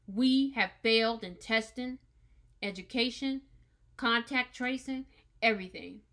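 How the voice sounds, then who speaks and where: Bright-voiced, emphatic woman host. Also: fairly high pitch, unhurried. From United States. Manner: earnest and emphatic, with repeated words. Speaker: podcast host. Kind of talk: opinion monologue podcast.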